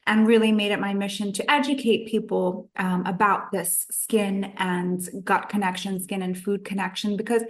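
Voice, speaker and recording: A woman's voice: mid-range voice, steady tone, moderate pace, hardly any pauses. Chatty woman nutritionist guest. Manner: chatty, acts out her past thoughts. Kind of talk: podcast interview storytelling.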